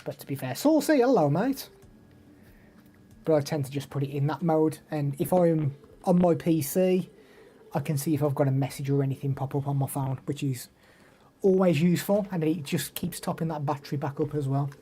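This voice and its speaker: A man's voice: a little high, steady tone, a little fast, mellow, slight background noise. Chatty Midlands man streaming live. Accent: English Midlands. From the English Midlands. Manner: chatty, reads out viewer names and answers them. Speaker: live streamer demoing microphones. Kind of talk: casual live stream chat.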